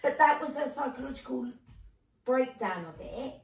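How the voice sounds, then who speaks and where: A middle-aged woman, chatting as a podcast guest and telling lively stories in which she acts out other people's voices. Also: high voice, normal speed, creaky. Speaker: podcast guest, clairvoyant medium. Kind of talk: casual storytelling chat. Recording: roomy, distant mic.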